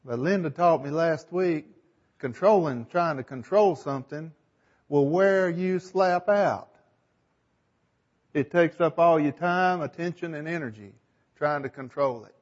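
A man's voice: on the high side, moderate pace, dull audio. A man leading a group Bible discussion, thinking aloud and asking the group questions. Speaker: Bible study leader.

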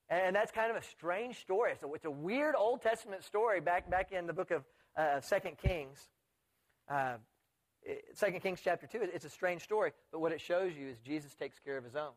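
A man preaching a sermon in a conversational way, often putting questions to his listeners. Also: on the high side. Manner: conversational, asks the audience questions.

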